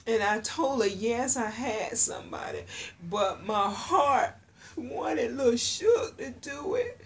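A woman's voice: a little high, expressive, slow. A woman talking to her viewers in a casual unboxing vlog, gushing and exclaiming as she opens a package. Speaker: reborn doll collector.

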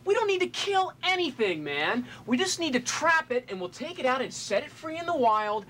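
A woman acting out an earnest, soft-hearted clerk in a comedy sketch who would rather free the pest than kill it. Her voice moves in a lively way, over a clearly noisy background. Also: high voice, moderate pace. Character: gentle, animal-loving store clerk.

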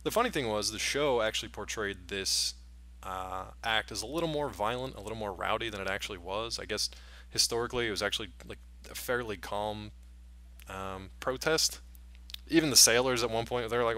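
A man's voice: fairly low pitch, a little fast. A man co-hosting a podcast, joking and retelling cartoon scenes in casual chat. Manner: animated, jokey retelling with acted-out quotes. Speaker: podcast co-host.

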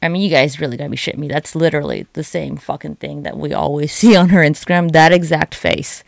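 A woman's voice: low voice, fast, gravelly, no room sound. A young woman giving sarcastic, profane, rambling comedic commentary over online videos.

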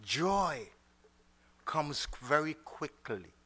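A man preaching a sermon to a congregation, swinging between loud exhortation and soft, slow asides, and calling out to the room. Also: a little high. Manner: calls out to the congregation. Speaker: minister.

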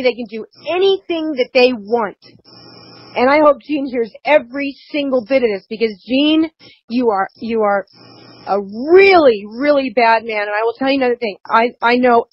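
Tearful, halting woman, dull lo-fi sound. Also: fairly high pitch. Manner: halting, repeating words, defiant. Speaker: interview guest. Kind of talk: emotional personal account.

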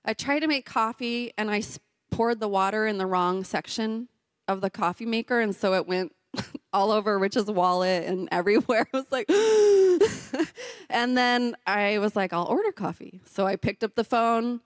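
Lively woman preaching a story. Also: medium pitch, normal speed, dry recording, clean studio sound. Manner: animated, laughs often, acts out voices in her story. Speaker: pastor's wife preaching. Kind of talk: sermon with personal storytelling.

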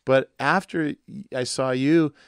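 A man's voice: medium pitch, fairly even intonation, a little slow, clear, resonant tone, no room sound, clean studio sound. Man chatting in a rambling, joking way. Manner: rambling, joking, acts out quoted voices. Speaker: pastor. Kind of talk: casual conversation. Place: studio.

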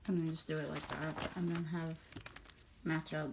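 A woman's voice: deep voice, little pitch movement, normal speed, vocal fry, noisy background. Young gal rambling on about her cards, bit giggly, faint clicks behind her. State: tearing up. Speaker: vlogger. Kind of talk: casual chat while organizing photocards.

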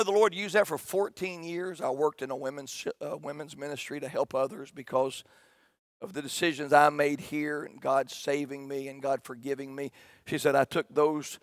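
A middle-aged man, a pastor preaching a sermon that swings between shouted emphasis and quiet storytelling. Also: a little high, no echo, studio quality.

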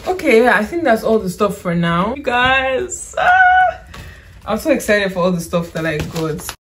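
A British young woman in her late teens chatting casually to camera about a haul, animated and laughing at herself. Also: mid-range voice, moderate pace, background noise. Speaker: vlogger.

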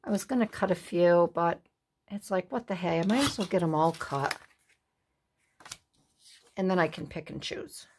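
A woman's voice: lowish voice, expressive, moderate pace, long pauses, background noise. A middle-aged woman hosting a craft video, chatting casually in a rambling, folksy way while she works in her craft room.

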